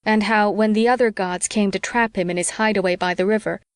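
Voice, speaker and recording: A woman reading a novel aloud as a steady first-person audiobook narrator. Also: medium pitch, fairly quick, clear, resonant tone, no room sound, studio quality.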